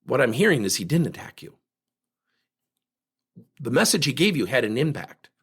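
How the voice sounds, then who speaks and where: A man's voice: mid-range voice, moderate pace, slightly rough. A middle-aged man hosting his own coaching podcast, talking emphatically and driving his points home to listeners. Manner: animated, emphatic, acts out quoted dialogue. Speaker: podcast host and leadership coach. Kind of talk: solo podcast monologue.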